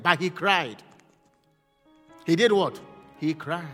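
A man preaching a fervent sermon as pastor, rising to shouts and asking the congregation questions. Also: fairly high pitch, expressive, measured pace, long pauses, long reverb tail, soft background music.

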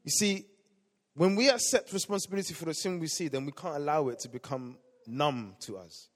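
A male pastor preaching a sermon, swinging between loud emphatic lines and quiet asides. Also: a little high, brisk. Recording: long hall reverb.

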